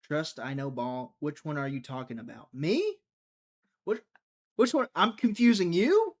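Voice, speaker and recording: A man's voice: on the high side, lively intonation, unhurried. A young man from Mississippi, rambling and joking as he hosts a casual live stream and answers chat. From Mississippi, USA. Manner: rambling, jokey, reads and answers chat aloud.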